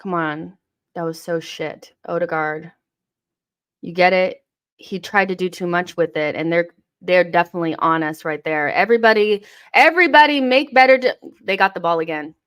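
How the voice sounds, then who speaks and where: Excitable woman hosting a football watchalong. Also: lowish voice, normal speed, clear, resonant tone. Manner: excitable, swears, shouts at players. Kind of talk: live match reaction commentary.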